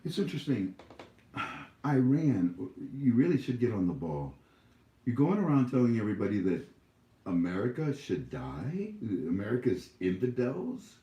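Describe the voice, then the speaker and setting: A man's voice: medium pitch, very animated, moderate pace, mellow, reverberant, dull audio. A man hosting his own YouTube channel, talking casually to viewers from home in a scolding, preachy way, rambling with many fillers.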